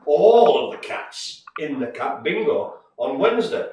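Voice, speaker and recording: A man's voice: on the high side, big pitch swings, measured pace, a little mellow. A man co-hosting a live stream, chatting in a jokey, rambling way with many fillers. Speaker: co-host giving shout-outs. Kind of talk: casual live-stream chat. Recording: echoey room, distant mic, faint noise.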